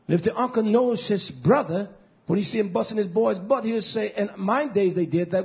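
Man, high voice, fiery scolding sermon, dull recording. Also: a little fast, gravelly. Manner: fiery, scolding, swings between shouted and hushed lines. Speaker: preacher.

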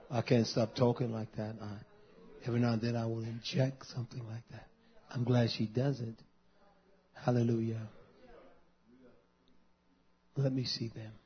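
A man in his fifties preaching a sermon, swinging between loud fervent passages and soft, intimate asides. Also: mid-range voice, husky, dull audio.

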